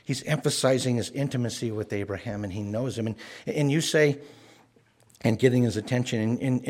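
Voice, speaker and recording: A man's voice: medium pitch, normal speed, husky. A man preaching a sermon, earnest and often repeating words as he stresses a point. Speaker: pastor.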